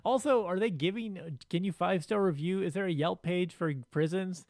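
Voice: medium pitch, moderate pace, darkish tone, no echo. A podcast host chatting casually in a studio, laid-back and wisecracking.

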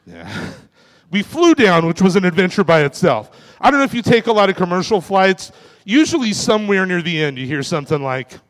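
Stand-up comic, man in his forties, raised pitch, deadpan self-mocking jokes, reverberant club room. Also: fairly quick, hardly any pauses. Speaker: stand-up comedian. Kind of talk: stand-up comedy set. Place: comedy club stage.

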